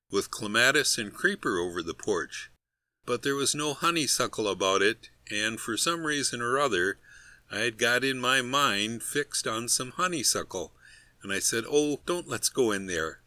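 A man's voice: mid-range voice, bright, forceful tone, no room sound. A man reading a humorous story aloud in a dry, wry storytelling manner. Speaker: narrator. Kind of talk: scripted narration.

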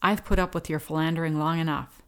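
Woman voicing a furious shrill wife. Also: fairly even intonation, fast talker, clean tone. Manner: shrill, screaming insults. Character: furious shrill woman leaving her husband.

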